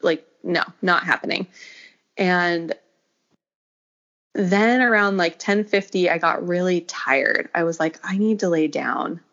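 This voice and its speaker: A woman's voice: lowish voice, slow pace, fairly bright tone. A young woman telling her story as a guest in a casual interview, talking with lots of fillers. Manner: chatty storytelling, many fillers. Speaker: podcast guest. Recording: slightly dull lo-fi audio.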